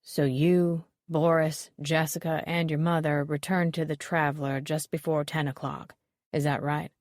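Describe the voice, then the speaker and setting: Stern male detective for an audiobook, low and deliberate, played by a female narrator. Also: level tone, darkish tone, no room sound, clean studio sound. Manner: curt, measured questioning.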